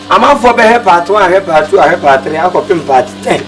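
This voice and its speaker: A man in loud, excited street banter, calling out over and over. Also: sits high, moderate pace, far from the mic, poor audio. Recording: loud music behind.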